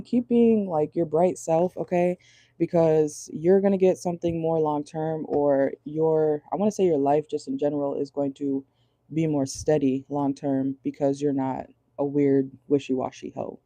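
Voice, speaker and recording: Blunt, chatty tarot reader with a deep dark tone. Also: no echo. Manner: chatty, blunt, swears freely; laughs often. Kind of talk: casual tarot reading. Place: inside a parked car.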